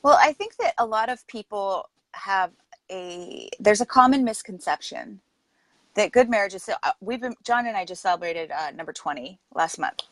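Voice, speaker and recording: A woman's voice: medium pitch, moderate pace, no room sound, poor audio. A middle-aged woman hosting a casual interview, talking earnestly and quoting herself as she explains her points. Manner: earnest, uses lively metaphors, quotes herself. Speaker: podcast host.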